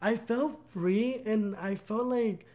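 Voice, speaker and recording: A man's voice: sits high, slow, darkish tone. Young man gushing through a heartfelt story. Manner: earnest, gushing storytelling full of "like". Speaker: podcast co-host. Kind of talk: casual chat.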